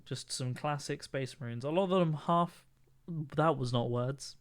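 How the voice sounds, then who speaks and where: A man's voice: mid-range voice, measured pace. A man streaming while he paints miniatures, laid-back and chatty, laughing often. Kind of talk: casual chat.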